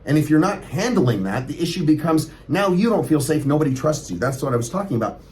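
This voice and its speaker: A man's voice: a little high, big pitch swings, fast talker, a little hiss or hum. A middle-aged man, a motivational coach, preaching bluntly in an unscripted vlog monologue and swearing freely. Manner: blunt, profane, forceful preaching.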